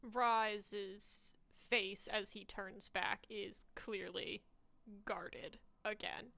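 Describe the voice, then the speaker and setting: A woman with a bright, clear voice narrates her character in a tabletop game. She speaks slowly and descriptively, taking her time. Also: mid-range voice, steady tone. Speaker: player.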